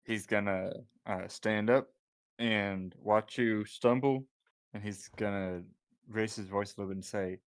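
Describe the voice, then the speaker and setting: Soft-spoken man playing a tabletop game. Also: fairly low pitch, fairly even intonation, unhurried, clear, resonant tone. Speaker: player. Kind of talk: tabletop role-play.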